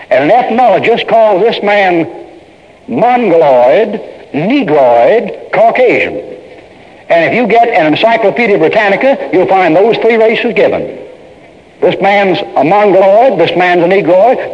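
High, animated preacher man in a hall. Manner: emphatic, folksy preaching with asides to the crowd. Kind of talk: sermon. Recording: dull lo-fi sermon tape in a reverberant hall.

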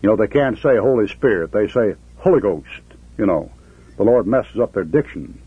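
Sarcastic folksy preacher, tinny recording. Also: male voice, lowish voice, lively intonation, normal speed, slightly rough, dry recording. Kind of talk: sermon. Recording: tinny phone-like, dry.

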